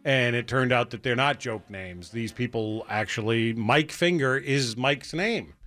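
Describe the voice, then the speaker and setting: A man's voice: medium pitch, measured pace, a bit bright. A man hosting a call-in talk radio show, chatting in wry, teasing banter from the studio.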